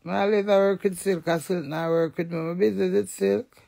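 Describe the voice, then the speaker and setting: A middle-aged woman in a blunt, profane, animated casual rant to the camera. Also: fairly low pitch, a little fast, gravelly.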